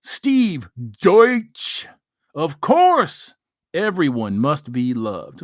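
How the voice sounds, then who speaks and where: A man's voice: on the high side, huge pitch swings, very slow, no room sound, studio quality. A middle-aged man hosting a casual livestream, reading viewer comments aloud and bantering in a loose, profane way. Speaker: livestream host.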